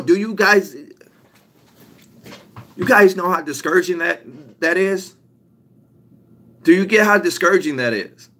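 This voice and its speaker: Man, young adult, motivational talk, emphatic, repeats himself, voice sits a bit high. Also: sharp tone. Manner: emphatic, repetitive, drawn-out punch lines. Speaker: motivational speaker.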